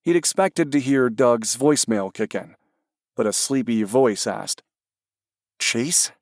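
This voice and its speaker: A man reading an audiobook in an even, measured manner. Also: mid-range voice, dry recording, studio quality. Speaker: audiobook narrator. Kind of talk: scripted audiobook narration.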